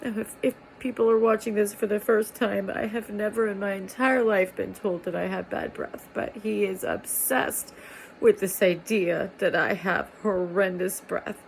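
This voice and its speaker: A woman vlogger telling a painful personal story, halting and repeating words as she goes. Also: mid-range voice, fairly even intonation, vocal fry, a little hiss or hum, poor audio. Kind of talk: confessional personal vlog.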